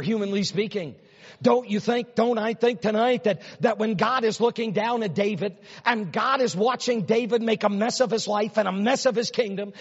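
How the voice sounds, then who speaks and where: A man preaching in a big church hall, his fairly high voice husky and his delivery dramatic, dropping to near-whispers and then building into loud, repeated questions. The sound is dull and muffled, with a long reverb trailing each phrase. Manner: dramatic, swings from hushed near-whispers to loud emphatic runs. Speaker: pastor. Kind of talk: sermon.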